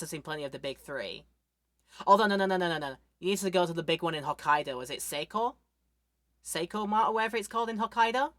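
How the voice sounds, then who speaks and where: Low-voiced woman rambling over gameplay. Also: fairly bright tone, no echo, clean studio sound. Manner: rambling, joking, quick asides. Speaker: streamer. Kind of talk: casual gameplay commentary.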